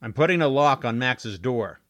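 A man voicing a weary, grieving father in an audiobook, speaking flatly and matter-of-factly. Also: mid-range voice, normal speed, dry recording, close to an everyday voice.

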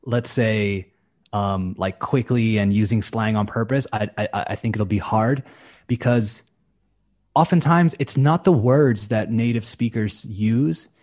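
Speaking at a measured pace in a lowish voice, this man, an English teacher, is having a casual podcast conversation. He animatedly performs quoted speech, changing voices as he goes.

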